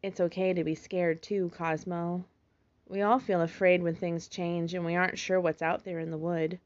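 A woman voicing a gentle mother fox who talks in a calm, soothing, motherly way, in a slightly muffled recording. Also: on the low side, normal speed, lightly acted.

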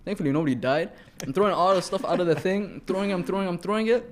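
A young man from the Toronto area tells stories as a podcast guest, rattling along at high speed in a slightly raised register. He is animated and slangy, and he breaks into laughs often. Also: rapid-fire, slight background noise. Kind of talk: casual storytelling.

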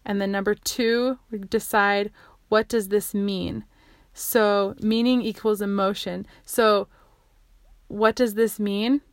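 A woman records a casual vlog monologue in a dry, close-sounding space, and her voice sits at an ordinary middle pitch. She rambles excitedly, cuts herself off, restarts her sentences, and fills the gaps with "like" and "um". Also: takes it slowly, no room sound. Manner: rambling and excitable, many fillers, self-interrupting. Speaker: vlogger sharing what she learns.

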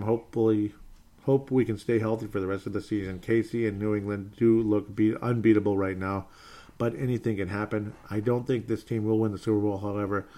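A man hosting a sports talk show, reading out viewer comments in a relaxed way and chuckling now and then. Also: fairly low pitch. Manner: relaxed, chuckles often, trails off and restarts. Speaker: podcast host.

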